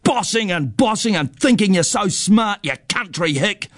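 A man voicing an angry, taunting boy who yells insults at his brother. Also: sits high, lively intonation, normal speed, no room sound, studio quality, pitched above the performer's own voice. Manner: yelling, taunting. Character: angry sharp-tongued boy, the younger brother.

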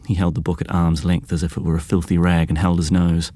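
A man giving measured, scripted audiobook narration of a story. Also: deep voice, level tone, warm tone, no echo.

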